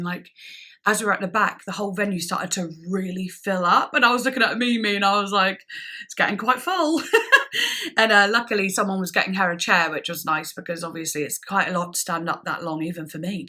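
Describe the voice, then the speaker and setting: A woman's voice: mid-range voice, bright, forceful tone. A young woman telling a story on her vlog, chatty and giggly, acting out bits of dialogue and using lots of fillers. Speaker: vlogger.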